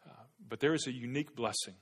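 A man's voice: medium pitch, fast, breathy edge. A male pastor preaching an earnest sermon to his church, often repeating words as he builds emphasis. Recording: long hall reverb.

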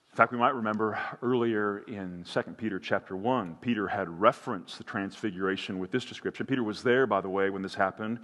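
A man's voice: sits low, fairly quick, a bit bright. A man preaching a sermon as pastor, earnest and building to impassioned emphasis. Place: church sanctuary. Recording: long hall reverb.

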